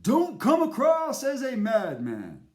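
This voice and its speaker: Man, impassioned monologue, slow and emphatic, lively swooping pitch. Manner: intense, emphatic, repetitive. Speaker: speaker.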